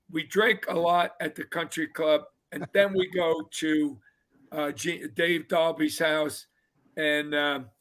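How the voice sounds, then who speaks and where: An older man, a retired football player, telling lively anecdotes as a guest on a casual fan show, often laughing and mimicking others. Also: high-pitched.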